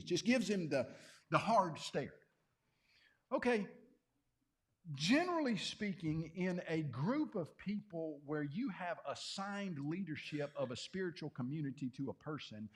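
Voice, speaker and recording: Man, Bible class teacher, animated, conversational, questions audience, lively pitch.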